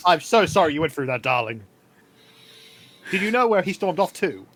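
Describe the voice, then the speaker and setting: A man's voice: high-pitched, wildly swooping pitch, takes it slowly, fairly bright tone, a little hiss or hum, pitched above the performer's own voice, exaggerated voice. A man voicing a glamorous, famous 1920s woman who dotes on everyone and calls them darling, in a tabletop game. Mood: sympathetic.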